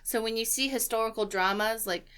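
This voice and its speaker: A woman's voice: a little high, fairly quick, a bit bright, smooth. A woman co-hosting a let's play, chatting casually and sharing playful fun facts while gaming. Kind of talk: casual gameplay chat.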